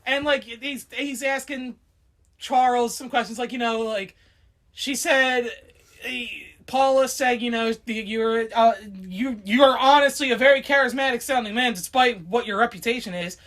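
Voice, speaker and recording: A woman co-hosting a casual podcast tells a story with a voice on the high side, pacing it a little slowly. She's an animated storyteller who laughs a lot and quotes people in put-on voices.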